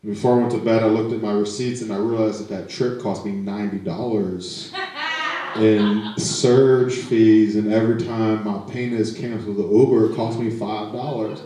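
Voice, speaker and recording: A young man doing stand-up storytelling in an art gallery, laid-back and deadpan, swearing freely. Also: on the low side, normal speed, heavy reverb, distant mic, low-quality recording. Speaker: stand-up comic.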